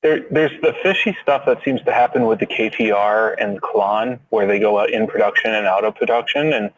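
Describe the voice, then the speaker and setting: A man's voice: fairly low pitch, a little fast, low-quality recording. A man co-hosting a podcast, chatting casually in a wry, skeptical way. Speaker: podcast co-host. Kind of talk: casual chat.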